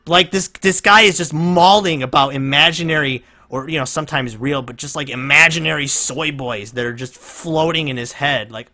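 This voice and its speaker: A man's voice: a little high, normal speed, few pauses, sharp tone. A man doing reaction commentary, profane and rambling, laughing and restarting often as he mocks what he watches.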